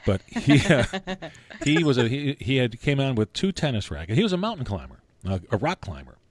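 A man's voice: mid-range voice, very animated, fairly quick, slightly rough, no room sound. A middle-aged man hosting a radio show, chatting casually and telling stories with frequent laughter. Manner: chatty, storytelling, laughs often. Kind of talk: casual banter on air.

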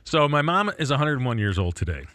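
A man's voice: medium pitch, big pitch swings, fast talker, a bit bright, no echo. A man co-hosting a radio after-show, chatting casually and telling family stories with stops, restarts and chuckles. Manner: rambling, chuckling, self-interrupting. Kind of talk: casual chat. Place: Rochester, New York area.

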